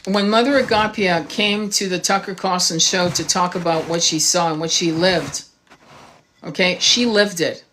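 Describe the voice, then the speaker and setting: A woman's voice: fairly low pitch, normal speed, fairly bright tone, slight background noise. A woman speaking straight to her viewers as a tarot reader, in an impassioned monologue. She is blunt and heated, and she swears freely as she talks.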